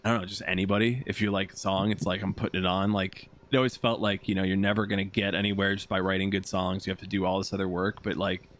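Man, podcast host, low pitch, loose casual talk, rambling questions. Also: little pitch movement, fast talker, hardly any pauses, fairly bright tone, slight background noise. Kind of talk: casual interview chat.

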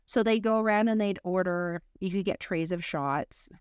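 A woman's voice: mid-range voice, moderate pace, smooth, dry recording, clean studio sound. A woman co-hosting a podcast, telling candid, rambling stories in casual chat, full of fillers and asides. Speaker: podcast co-host.

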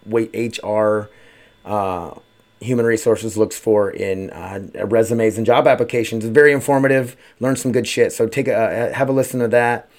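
A man hosts his own podcast from home, talking casually on his own in a rambling, profane way with frequent "uh" fillers. His lowish voice has fairly even intonation and a normal speed.

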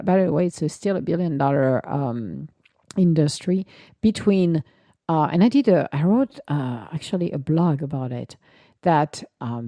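Woman host with a French accent, low and mellow voice, casual animated storyteller, dry close sound. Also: no room sound. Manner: chatty, animated storytelling with French words mixed in. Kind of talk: casual solo live chat.

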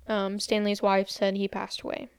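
Her medium-pitched voice is monotone but clean, moving at a normal speed, as this young woman recaps a movie on a podcast she co-hosts. She retells scenes with quoted dialogue and frequent "like"s. There is no echo, and the sound is clean studio audio.

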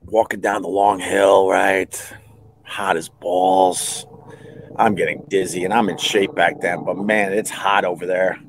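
In his podcast, a middle-aged ex-radio host wanders through his own tales alone, swearing and chuckling at himself. His voice is low with fairly even intonation and a measured pace, and background noise can be heard.

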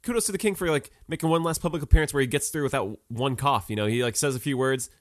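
A man co-hosting a podcast in relaxed, slangy casual chat, laughing often. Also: medium pitch, very fast, no echo, clean studio sound. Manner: laid-back, laughing, slangy. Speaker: podcast co-host.

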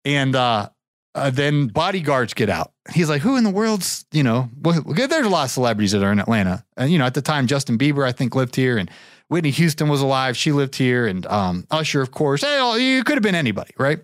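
A man spins a long, wandering personal anecdote in an easy, chatty way, his voice at an ordinary middle pitch. He often climbs higher as he mimics other people. The sound is dry, with no room echo. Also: a little fast. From Ohio. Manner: rambling, animated, pitches up for quoted voices. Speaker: show regular telling a story. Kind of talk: casual storytelling.

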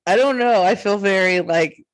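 A woman's voice: medium pitch, moderate pace. A woman, co-hosting a podcast, telling a story in a rambling way full of fillers. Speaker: podcast co-host. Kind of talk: casual chat.

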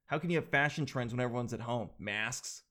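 A man in his thirties telling a self-deprecating comic story in casual chat, with lots of animated quoted voices. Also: mid-range voice, a little fast.

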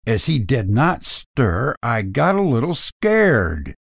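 A man narrates a first-person tale in a slow, dramatic storybook reading. His pitch rises and falls widely as he tells it. The recording is close and dry, with no room echo. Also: wildly swooping pitch, vocal fry.

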